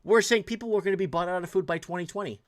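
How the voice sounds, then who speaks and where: A man's voice: sits high, racing. A man from Portugal hosting a late-night call-in show, ranting with heated emphasis and reading out viewer messages. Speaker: talk show host.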